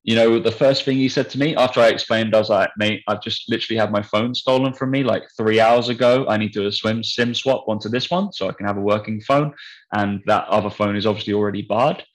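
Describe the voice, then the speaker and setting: A man's voice: on the low side, rough recording. A young man chatting casually on a podcast, telling a story bluntly and swearing freely. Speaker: podcast co-host. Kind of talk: casual chat.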